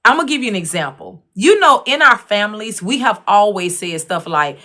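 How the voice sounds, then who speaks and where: A woman's voice: mid-range voice, lively intonation, normal speed, sharp tone. A woman hosting an online show, giving casual opinion commentary with emphatic repetition and frequent check-ins with her listeners. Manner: conversational, repeatedly checks in with the listener; emphatic, repeats phrases for stress.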